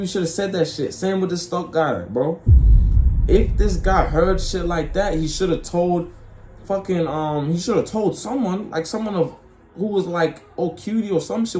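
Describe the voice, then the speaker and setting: A man's voice: high voice, dark tone, reverberant, slight background noise, rough recording. A man streaming his casual reaction to a clip, talking in loose slang, rambling and asking "you feel me" again and again.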